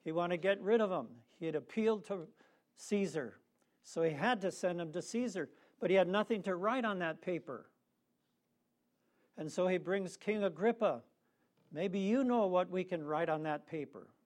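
A man preaching a sermon, leading the congregation in call-and-response with slow, emphatic phrasing. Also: high voice.

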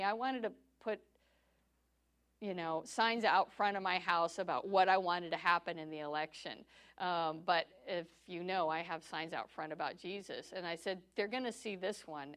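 A woman's voice: on the low side, fairly bright tone. A woman teaching a church class on sharing faith, telling stories in a chatty way, laughing often and acting out conversations in quoted voices. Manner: chatty storytelling with frequent laughs; acts out dialogue in quoted voices.

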